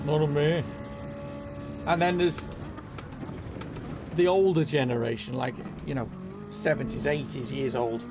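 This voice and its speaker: Over background game music and noise on his sim racing live stream, a gaming host with a mild Merseyside accent from northwest England rambles casually, often saying "know what I mean." His voice sits on the high side, fairly even and unhurried, with long pauses.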